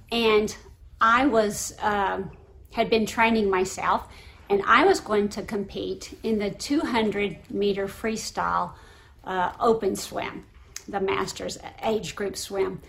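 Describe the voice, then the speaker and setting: A middle-aged woman preaching a sermon, telling a story with lively acted voices. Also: medium pitch. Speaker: pastor.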